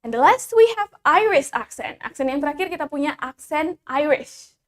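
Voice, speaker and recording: A woman with an Indonesian accent leads an English class, her voice pitched high. She moves between English and Indonesian, slowing down to model each example word for learners to repeat. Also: expressive. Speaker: English teacher. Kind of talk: bilingual English lesson.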